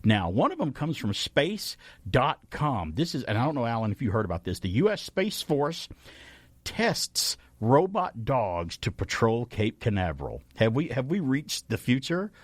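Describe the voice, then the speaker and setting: A man's voice: mid-range voice, big pitch swings, moderate pace, dry recording. A man hosting a radio show, chatting casually and reading news items with playful asides and laughter.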